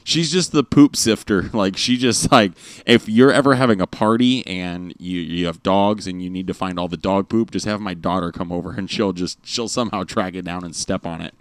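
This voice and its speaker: A man's voice: deep voice, steady tone, normal speed, hardly any pauses, no echo. A man, a father and podcast host, telling casual family stories in a rambling way, full of fillers and restarts, recorded close on a microphone. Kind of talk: casual storytelling chat. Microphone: studio microphone with headphones.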